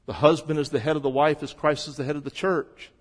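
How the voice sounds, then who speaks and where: A man preaching a sermon as a pastor, shifting between quiet stretches and loud emphasis. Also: fairly high pitch, level tone, fast, in a large hall.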